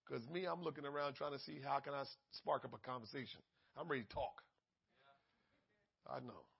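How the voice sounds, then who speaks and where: A man preaching a sermon and telling stories, swinging from quiet asides to loud exhortation. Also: a little high, vocal fry. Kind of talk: sermon storytelling. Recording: muffled lo-fi sermon recording.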